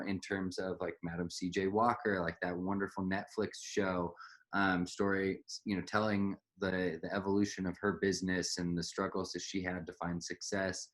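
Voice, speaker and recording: A man hosting a podcast in a casual conversation, reflective, often slipping into high-pitched quoted voices. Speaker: podcast host.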